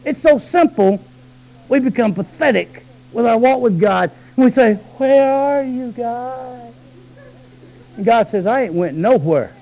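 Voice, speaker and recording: A high-pitched male preacher, delivering a sermon. He talks quickly and low in his asides, then climbs into long, shouted, stretched-out lines. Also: animated, rough recording. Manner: swings from low talk to high shouted calls.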